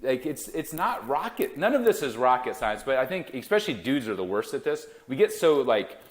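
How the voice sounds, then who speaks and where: Animated, punchy man talking business. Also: medium pitch, brisk. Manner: emphatic, punchy, acts out quoted voices. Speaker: guest, gifting company founder. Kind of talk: animated business interview talk.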